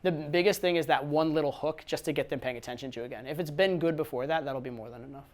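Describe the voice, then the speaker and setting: A man's voice: fairly high pitch, fast talker. A man giving casual dating advice, talking conversationally with repeated words and frequent "right?" tag questions. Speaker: dating coach.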